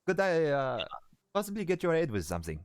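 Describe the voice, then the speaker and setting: A man's voice: fairly high pitch, wildly swooping pitch, fairly quick, clean tone, no echo, studio quality, voice pushed up. A man voicing an anxious, polite wizard who specializes in divination, speaking formally and fretfully. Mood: earnest.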